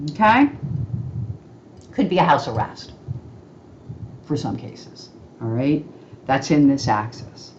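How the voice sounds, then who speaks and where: A woman's voice: very deep voice, big pitch swings, slow, long pauses, muffled recording, a little hiss or hum. A woman giving an informal astrology talk, chatty and checking in with listeners by asking "okay?" as she goes.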